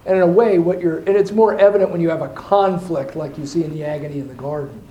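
A man teaching and talking through questions of faith in a thoughtful, digressive way, slowing down to stress his points. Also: fairly high pitch, dark tone, highs cut off. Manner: thoughtful, digressive, with slowed emphasis. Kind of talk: explaining faith in a discussion. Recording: echoey room with faint noise.

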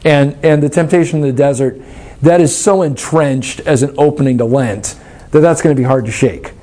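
A man's voice: a little high, moderate pace, dark tone. A man leading a church study class, explaining things in an informal, thoughtful and wry way while answering questions.

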